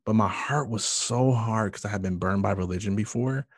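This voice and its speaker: A man's voice: lowish voice, moderate pace, no echo, clean studio sound. A man earnestly telling an emotional personal story in conversation, with many fillers and restarts. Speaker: guest sharing his testimony.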